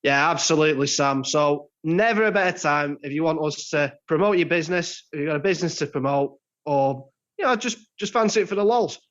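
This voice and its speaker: A man's voice: on the high side, brisk, few pauses, fairly bright tone. Nasal man with a cold, dull-sounding mic. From Scotland. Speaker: podcast co-host. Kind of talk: casual podcast chat.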